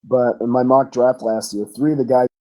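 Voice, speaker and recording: A man's voice: medium pitch, fairly even intonation, a little fast, warm tone, poor audio. A man co-hosting a fan podcast, earnestly breaking down player prospects with frequent fillers. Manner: earnest, analytical, with many fillers. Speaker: podcast co-host. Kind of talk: casual fan podcast chat.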